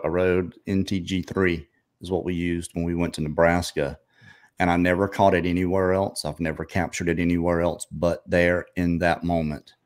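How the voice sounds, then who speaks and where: Deep-voiced man hosting a casual interview. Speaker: show host.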